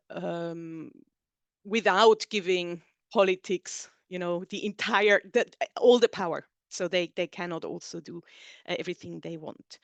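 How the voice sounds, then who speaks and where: A woman with a lowish voice, a native German speaker, presents her book in an online seminar talk over a video call. She lays out her points as lists, and the recording is dry.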